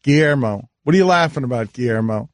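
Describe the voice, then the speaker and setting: A man's voice: medium pitch, animated, fast talker, dry recording. A man hosting a sports radio show in the studio, teasing and incredulous.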